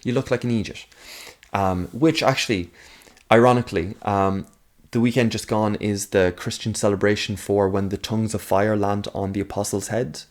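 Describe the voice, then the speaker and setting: A man with a fairly low voice talks straight to camera in a loose, unscripted monologue. He wanders off on tangents, fills pauses with "um" and "like", and now and then argues back at himself before returning to his point. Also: fairly even intonation. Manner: rambling, thinks aloud with many fillers and asides; argues with himself in a mock second voice. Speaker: video essayist. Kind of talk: casual talking-head monologue.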